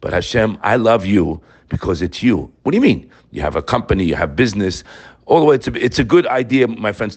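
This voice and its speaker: Animated older man giving a Torah talk. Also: lowish voice. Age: 60s. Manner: animated storyteller, swinging from quiet to loud. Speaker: Torah teacher.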